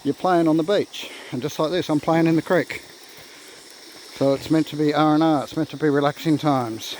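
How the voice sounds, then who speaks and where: Aussie guy vlogging on his phone by a creek, chatty and rambly, bit of a higher voice, faint outdoor noise. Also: fairly even intonation, normal speed, a little mellow, low-quality recording. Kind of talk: casual outdoor vlog. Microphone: phone camera. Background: faint outdoor nature sounds.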